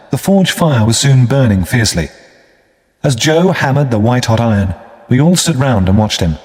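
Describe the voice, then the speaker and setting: A man narrating a storybook for English learners in a clear, measured way. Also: medium pitch, darkish tone. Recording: long hall reverb.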